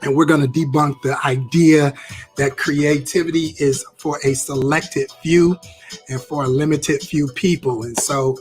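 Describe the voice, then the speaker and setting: A man's voice: fairly high pitch, steady tone, unhurried, a little mellow, soft background music. A man teaching a live-streamed interactive class on creativity, upbeat, repeating phrases as he reacts to viewer comments.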